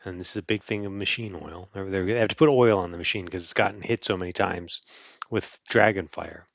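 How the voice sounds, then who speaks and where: Guy reading a kids picture book out loud, playful and goofy, muffled dull sound, no room echo. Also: deep voice, brisk, creaky. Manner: playful, animated, chuckling, with sound effects. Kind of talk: casual storybook read-aloud.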